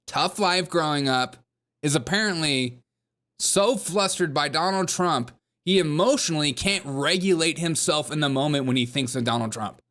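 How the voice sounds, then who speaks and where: A man hosting a comedy news commentary show talks sarcastically, mocking the people he covers and putting on whiny voices when quoting them. His voice is fairly high and a bit bright.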